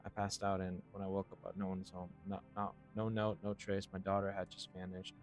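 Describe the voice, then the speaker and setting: A man voicing a desperate, paranoid father in a game, talking in a halting, anxious way with stammers. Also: sits low, completely flat delivery, faint music behind.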